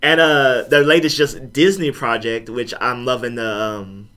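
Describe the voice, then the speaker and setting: A man's voice: mid-range voice, unhurried. A man co-hosting a podcast, chatting casually about movies and shows, telling stories with acted-out quotes. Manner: animated storytelling, acts out quotes with laughter. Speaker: podcast co-host. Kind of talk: casual chat.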